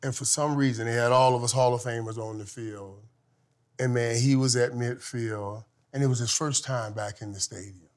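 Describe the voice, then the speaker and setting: Middle-aged guy on a podcast, big animated storyteller, laughs a lot, gets loud then real quiet. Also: mid-range voice, normal speed. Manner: lively, laughs often, swings from loud to hushed. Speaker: podcast guest, former football player. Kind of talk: animated storytelling in casual chat.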